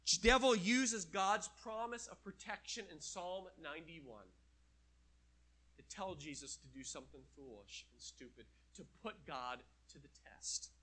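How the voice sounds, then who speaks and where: A man's voice: on the high side, measured pace, pushed and bright. A man preaching a sermon, acting out quoted voices and dropping to a near whisper at times.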